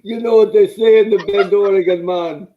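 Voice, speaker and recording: A man putting on a loud jokey Jamaican guy. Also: high voice, fairly even intonation, moderate pace, phone-quality sound, background noise, voice pushed up, lightly acted. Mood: goofy. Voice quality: loud, sing-song, mock island lilt. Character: laid-back Jamaican-accented man.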